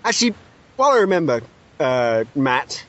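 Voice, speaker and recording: A man's voice: on the high side, sing-song, moderate pace, fairly bright tone, highs cut off. A man co-hosting a casual podcast, teasing the others with cheeky jokes.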